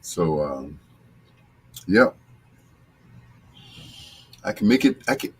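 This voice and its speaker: An older man hosting a casual live stream with a deep, husky voice, chatting in a relaxed, joking way as he reads out viewer comments. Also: slow pace, long pauses. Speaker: host reading viewer comments.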